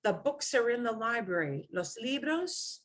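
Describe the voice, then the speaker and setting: A woman teaching an online class, animated and quick to laugh. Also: a little high. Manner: animated, punches stressed syllables, laughs easily. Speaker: Spanish teacher.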